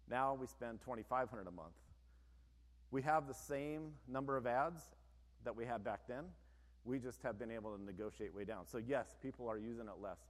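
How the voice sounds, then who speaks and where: A man who owns a business, giving an informal, plain-spoken presentation to an audience, with frequent conversational asides. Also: medium pitch. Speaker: business owner giving a talk. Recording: long reverb of a large hall.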